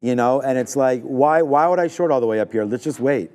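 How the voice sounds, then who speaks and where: A man hosting a live trading stream, giving rambling, excitable market commentary full of fillers. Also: medium pitch, a little fast, clear, resonant tone.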